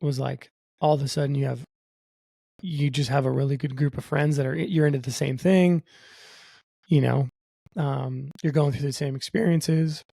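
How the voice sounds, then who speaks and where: A man's voice: medium pitch, fairly even intonation, moderate pace, gravelly, dark tone, dry recording. A young adult man telling a long, profane story as a podcast guest, acting out what other people said in his own voice. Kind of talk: casual storytelling.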